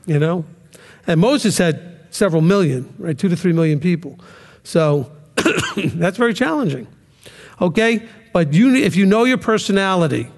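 A man with a high-pitched voice gives a conversational sermon-style lesson to a ministry class. He keeps checking in with the listeners and acts out the voices he quotes. The sound carries a long reverb, like a large hall.

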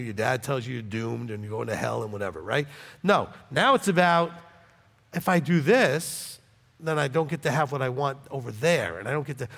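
Animated gravelly preacher in a reverberant hall. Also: male voice, medium pitch. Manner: conversational, animated teaching with frequent "okay?" check-ins. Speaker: pastor. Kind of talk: sermon.

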